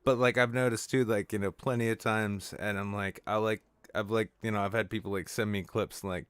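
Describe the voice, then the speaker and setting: A young man hosting a podcast, talking in a rambling, animated way, full of fillers and swearing. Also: fairly low pitch, a little fast, few pauses, clear, resonant tone, no room sound. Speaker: podcast host. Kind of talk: casual chat.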